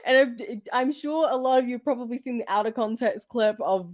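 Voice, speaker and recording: A woman's voice: on the high side, a little fast, hardly any pauses, darkish tone. A woman co-hosting a podcast in casual chat, laughing often and acting out characters' lines. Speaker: podcast co-host.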